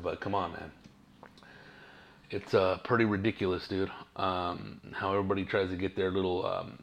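Young guy ranting on his podcast, lowish gravelly voice, swears a lot, super blunt. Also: fairly bright tone. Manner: profane, blunt, dismissive, filler-heavy. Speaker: podcast host. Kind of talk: casual ranting monologue.

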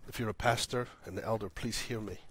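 A man preaching a sermon as pastor, repeating lines for emphasis, building loud and high, then dropping soft and low. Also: steady tone, fairly quick, slightly rough. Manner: swells louder and higher when building to a point, then drops soft and low.

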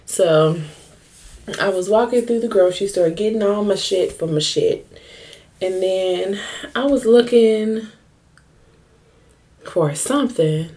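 A woman's voice: medium pitch, slow, long pauses, warm tone. A young woman hosting her own podcast, chatting candidly and profanely in a joking, storytelling way. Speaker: podcast host. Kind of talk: casual solo podcast chat.

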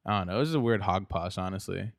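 Fast-talking man with a clear low voice. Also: no room sound. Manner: rambling, filler-heavy storytelling. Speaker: podcast co-host. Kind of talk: casual chat.

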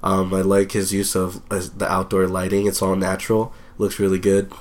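Young guy, lowish voice, laid back podcast cohost. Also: monotone, moderate pace. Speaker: podcast co-host. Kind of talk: casual podcast chat.

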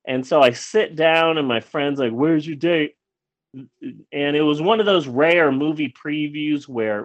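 A man's voice: on the high side, no room sound. A man casually telling a long personal anecdote as a podcast host, rambling with restarts and acting out what people said. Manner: animated, acts out quoted lines.

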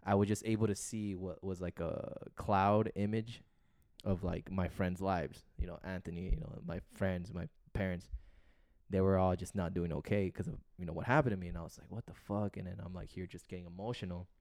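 A man's voice: sits low, fairly even intonation, a little fast, darkish tone, no echo, studio quality. A young man co-hosting a podcast, telling a long story in a loose, rambling way full of fillers and swearing. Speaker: podcast co-host. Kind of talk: casual chat.

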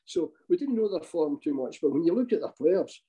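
A man's voice: a little high, very animated, a little fast, mellow, low-quality recording. An older man with a Scottish accent, a former football manager telling rambling anecdotes with chuckles and restarts. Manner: chuckling, rambling with restarts, acts out voices in quotes. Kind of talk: anecdotal storytelling.

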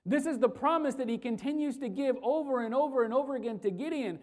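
A woman's voice: sits high, fast talker, a little mellow. A woman preaching a sermon with emphasis, repeating key phrases and asking the listeners rhetorical questions.

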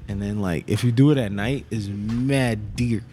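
A man's voice: on the low side, normal speed, dark tone, faint music behind. A young man, co-hosting a podcast, telling rambling profane stories and laughing often. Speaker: podcast co-host. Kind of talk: casual chat.

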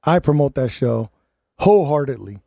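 A man's voice: on the high side, normal speed, mellow, no room sound, studio quality. Ranting, fired-up male radio host. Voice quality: ranting, repeats words and restarts. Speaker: radio talk show host. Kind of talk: live talk radio chat.

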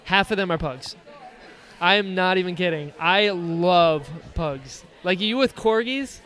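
Eager high-voiced male podcast host. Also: animated, measured pace, fairly bright tone. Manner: enthusiastic, laughs often. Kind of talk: casual podcast chat.

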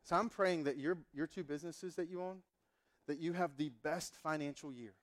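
High-voiced man telling a sermon story. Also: moderate pace. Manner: animated, humorous, acts out dialogue. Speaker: pastor.

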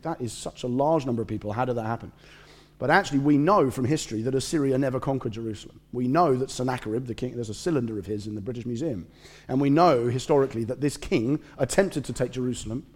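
A man preaching a lively, conversational sermon with humor, reading scripture aloud and commenting as he goes. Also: medium pitch.

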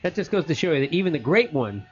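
Man from Canada, radio co-host, fairly high voice, stubborn banter, dull broadcast sound. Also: big pitch swings, fast talker. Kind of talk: sports talk radio banter.

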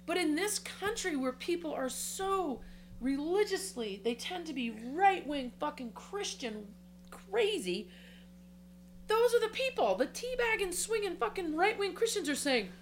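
A woman co-hosting a casual comedic chat, ranting with animated, profane energy. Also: very high-pitched, measured pace, a little hiss or hum.

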